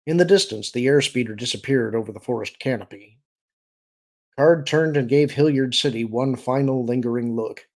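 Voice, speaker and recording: Gravelly male audiobook narrator. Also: mid-range voice. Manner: steady, measured storytelling. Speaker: audiobook reader.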